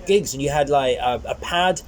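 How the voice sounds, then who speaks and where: A man, a comedian guest, chatting casually outdoors and telling stories in a lively, animated way. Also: medium pitch, normal speed, slight background noise. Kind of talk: casual chat. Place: outdoors in the sunshine.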